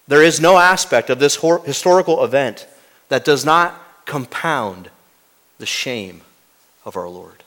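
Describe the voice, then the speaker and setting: Pastor delivering a sermon, dramatic, voice falling to a near hush, fairly high-pitched man. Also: expressive, a little slow, pauses often. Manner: dramatic, swinging from loud to hushed; rhetorical questions to the congregation.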